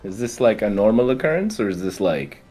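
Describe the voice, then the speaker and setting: A man taking part in a tabletop role-playing game, joking and playful as he talks in character. His voice is lowish but swings widely in pitch, with faint music behind. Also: big pitch swings, fairly quick, dark tone, slightly rough. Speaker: player.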